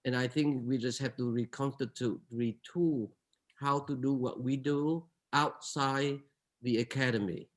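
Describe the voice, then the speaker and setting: Brief: man, curator panelist, earnest and halting, average pitch. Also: steady tone. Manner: earnest, searching, with halting restarts. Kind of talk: reflective panel remarks.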